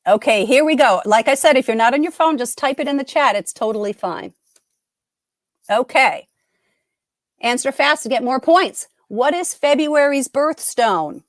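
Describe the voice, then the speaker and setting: In a dry, studio-quality recording, a middle-aged woman with a high, animated voice talks at normal speed. She's the chatty, upbeat host of a live trivia stream who often stops partway through a sentence.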